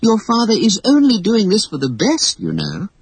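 A narrator voicing a gentle mother hurriedly soothing her children. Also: mid-range voice, huge pitch swings, moderate pace, breathy edge, no echo, voice pushed up, heavily acted.

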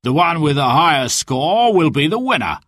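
A man doing a loud, bossy scheming sheriff. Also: a little high, very animated, normal speed, breathy edge, dry recording, studio quality, pitched above the performer's own voice, full character voice. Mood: commanding. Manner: calls out loudly in a raised voice.

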